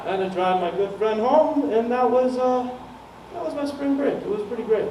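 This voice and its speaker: In a small comedy club, a young man with a high, light voice spins a rambling, profane stand-up story and chuckles at his own jokes. His delivery is unhurried and his tone somewhat dark. The mic picks him up from a distance in an echoey room, with a low hiss and some noise underneath.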